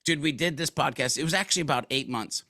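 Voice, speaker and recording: A man's voice: a little high, fast, no echo, clean studio sound. A man guest in a business interview, telling stories casually with slang and acting out quoted lines. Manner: animated storyteller, casual slang, acts out quotes.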